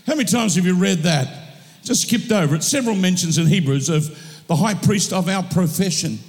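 Gravelly high-voiced preacher shouting in a hall. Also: male voice. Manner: impassioned, shouting declarations, then drawn-out teaching. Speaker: pastor. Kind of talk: sermon. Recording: echoey hall reverb.

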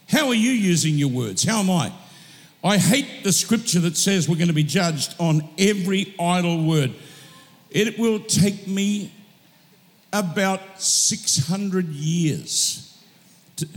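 Gravelly high-voiced preacher shouting in a hall. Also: male voice. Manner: impassioned, shouting declarations, then drawn-out teaching. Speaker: pastor. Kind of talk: sermon. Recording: echoey hall reverb.

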